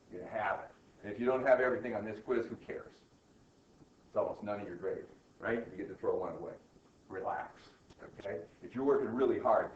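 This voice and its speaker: A man's voice: lowish voice, a little mellow. A middle-aged man teaching accounting in a classroom, emphatic and often checking in with "right?" and "okay?". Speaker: accounting instructor. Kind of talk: classroom lecture. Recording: muffled, roomy classroom recording from far off.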